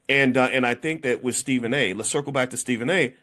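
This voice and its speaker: A man in his fifties giving an animated monologue, telling stories and acting out what people said. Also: quick pace, hardly any pauses. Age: 50s. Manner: animated storytelling, acts out quotes with big pitch jumps. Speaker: commentator. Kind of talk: casual monologue to camera.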